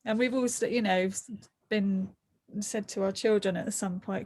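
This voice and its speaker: A woman's voice: medium pitch, fairly even intonation, a little fast. A woman therapist hosting an online group discussion, speaking in a reassuring, encouraging, conversational way. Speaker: therapist and host. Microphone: video call.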